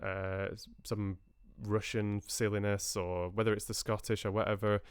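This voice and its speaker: A man talks casually to his livestream viewers, wandering from thought to thought and restarting sentences. His voice sits low and sounds smooth and clear. The recording is close and dry, with no room sound around him. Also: level tone, normal speed, no echo. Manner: chatty, rambling, with frequent restarts. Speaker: livestream host and audiobook reader. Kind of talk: casual chat with live viewers.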